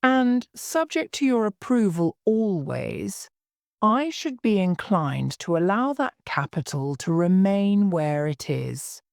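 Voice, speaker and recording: A woman reading a polished, careful old gentleman lawyer. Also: medium pitch, big pitch swings, creaky, no echo, clean studio sound, exaggerated voice. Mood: patient. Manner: careful, polished, slow explaining.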